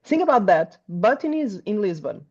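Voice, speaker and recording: A woman's voice: medium pitch, very animated, normal speed, darkish tone. Portuguese-accented woman explaining tours, muffled. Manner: hesitant, many restarts and fillers. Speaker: tour guide. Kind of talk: casual interview chat.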